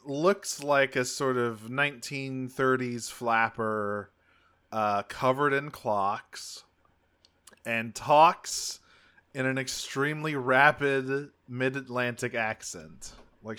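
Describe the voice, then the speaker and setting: Bright-voiced man recapping a cartoon. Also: mid-range voice, takes it slowly, smooth. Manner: rambling, self-correcting, swears casually. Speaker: podcast co-host. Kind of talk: casual chat recapping a cartoon episode.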